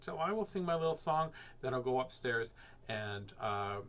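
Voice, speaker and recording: Lively bright-voiced chatty man. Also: medium pitch, normal speed, a little hiss or hum. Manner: chatty, rambling, playful. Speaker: children's book reader and host. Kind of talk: casual chat to viewers.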